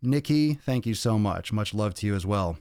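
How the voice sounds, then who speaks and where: Breathless, deep-voiced male podcast host. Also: normal speed, clean tone, no echo, clean studio sound. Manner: energetic, profane, loose and rambling. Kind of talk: casual livestream chat, reading viewer comments. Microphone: podcast microphone.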